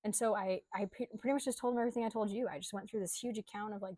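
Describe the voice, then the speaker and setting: A young adult woman recounts her own experience in a relaxed, conversational vlog manner, sprinkling in ums and likes. Her voice sits at an ordinary middle pitch, and the recording is dry and close with no room echo. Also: very fast. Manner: candid, conversational, with frequent um and like. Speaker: coach. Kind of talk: personal storytelling vlog.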